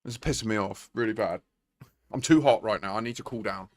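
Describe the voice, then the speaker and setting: A man's voice: on the low side, fairly quick, no room sound. A young man streaming a game, talking to his squadmates and swearing as he gets exasperated. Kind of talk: live gameplay chat with squadmates.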